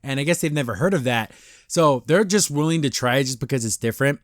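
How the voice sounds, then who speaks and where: A man's voice: medium pitch, fast talker, dry recording, clean studio sound. A man hosting a podcast, chatting casually as he reviews a comic, rambling and laughing as he retells scenes. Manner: rambling, animated retelling with acted-out quotes and frequent laughs. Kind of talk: casual chat.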